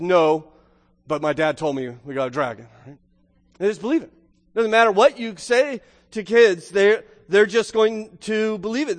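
A middle-aged man preaches to his congregation in an easy, conversational way, stumbling over repeated words and checking in with "right?". His voice sits high for a man. The church around him lends a long, trailing reverb. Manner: conversational, repeats words, asks 'right?' often. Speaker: pastor. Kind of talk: sermon.

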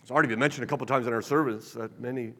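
A man's voice: medium pitch, racing. Preacher man in a reverberant hall. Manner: animated, varies pace and loudness. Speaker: pastor. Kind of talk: sermon. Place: church sanctuary.

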